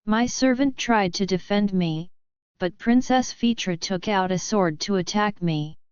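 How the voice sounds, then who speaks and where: Woman reading as a calm polite noblewoman. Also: mid-range voice, unhurried, clear, resonant tone, no echo, muffled recording, close to an everyday voice. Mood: composed.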